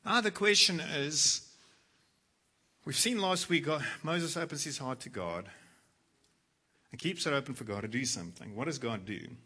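A man delivering a sermon in a church with a strikingly bright, slightly high voice. He drops to a hush and then surges loudly when he quotes scripture or acts out the people in the story. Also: animated, moderate pace, long pauses, breathy edge. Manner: dramatic, swings from hushed to loud when quoting scripture. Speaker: pastor.

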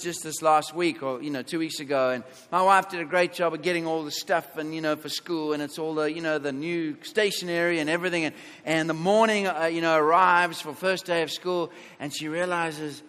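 A man preaching a sermon as pastor, telling stories in an animated way and acting out what people said. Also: on the high side. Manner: animated storytelling, acts out quotes. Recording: long hall reverb.

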